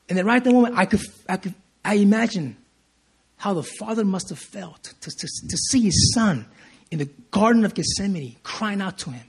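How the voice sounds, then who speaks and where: A man's voice: high voice, expressive, brisk, husky. A man preaching at a prayer meeting, emphatic and repeating his lines as he calls for "amen" from the listeners. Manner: stumbles and restarts phrases in bursts of feeling. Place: church service.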